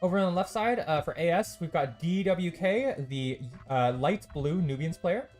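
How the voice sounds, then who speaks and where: Casting a strategy game tournament by himself on stream, this host rambles chattily with many ums and uhs and occasional dry sarcasm. His voice sits high and sounds animated and a little mellow, at normal speed, with faint music in the background.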